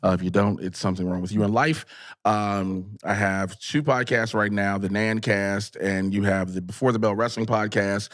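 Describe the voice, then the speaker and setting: A man's voice: lowish voice, steady tone, moderate pace, a bit bright, no room sound, clean studio sound. A man guesting on a podcast, chatting casually in a candid, emphatic way and repeating phrases for effect.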